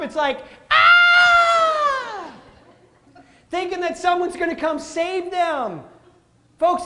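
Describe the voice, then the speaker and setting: Guy doing a motivational speech, lively, keeps saying folks, acts out stories. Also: very high voice, slight background noise. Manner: animated, addresses crowd as folks, acts out quotes. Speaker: motivational speaker. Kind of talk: live motivational talk to an audience.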